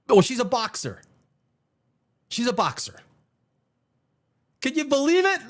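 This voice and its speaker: A man's voice: extremely high pitch, wildly swooping pitch, measured pace, long pauses. A middle-aged man hosting a casual livestream, rambling and joking, often laughing at himself. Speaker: livestream host.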